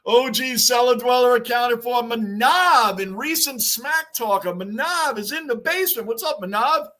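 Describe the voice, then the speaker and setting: A man with a high voice hosts a live sports reaction stream. He talks in an excitable, rambling way, often repeating himself. He calls out greetings to viewers between bits of game commentary. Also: normal speed. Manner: rambling, chatty and repetitive. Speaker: livestream host.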